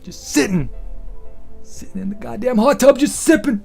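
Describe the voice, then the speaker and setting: A man's voice: extremely high pitch, moderate pace, vocal fry, soft background music. A man hosting a comedy podcast, riffing in a rambling, profane, swaggering way. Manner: profane, animated, swaggering storytelling. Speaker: podcast host.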